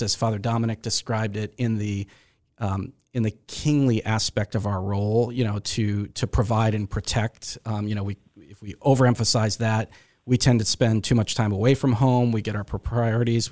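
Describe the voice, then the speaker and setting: A man's voice: lowish voice, darkish tone. A man hosting a faith podcast, talking casually with many fillers and restarts. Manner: rambling with frequent fillers. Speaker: podcast host.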